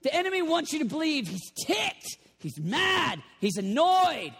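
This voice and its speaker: High-voiced preacher man in a big echoing hall. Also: measured pace. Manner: animated, playful, bursts into shouting. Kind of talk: lively sermon. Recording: long reverb of a large hall.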